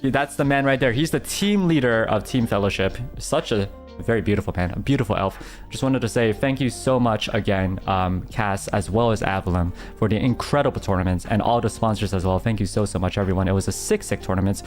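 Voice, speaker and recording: A young man streaming as a VTuber, telling stories in a casual chat with lots of fillers and bursts of excitement. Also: medium pitch, brisk, faint music behind. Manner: excitable storytelling, bursting into laughter, many fillers.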